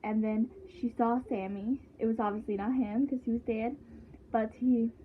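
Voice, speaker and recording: A woman's voice: fairly high pitch, steady tone, normal speed, slight background noise. A woman chatting casually as she recaps a show, rambling with lots of fillers and restarts. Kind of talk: casual chat. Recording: tinny phone-like sound.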